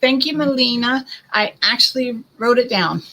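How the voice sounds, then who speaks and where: A woman's voice: on the high side, moderate pace, sharp tone, poor audio. A woman giving chatty, reassuring card readings to viewers on a live online stream as host. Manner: chatty, reassuring, calls viewers hun and girl. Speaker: psychic card reader.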